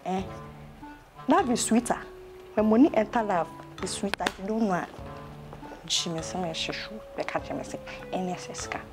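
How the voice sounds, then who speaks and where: A woman's voice: mid-range voice, animated, moderate pace, pauses often, over music, natural voice. A young woman with a Ghanaian accent playing a chatty young woman in a comic web series monologue, gossiping in a mix of English and pidgin.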